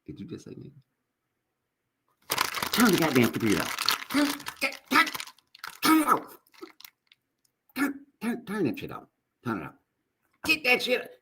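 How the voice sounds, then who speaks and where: A man voicing frantic, excitable male fight-stream commentators who shriek and stammer in a panic. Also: sits high, a little slow, long pauses, noisy background, pitched above the performer's own voice, full character voice. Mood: panicked.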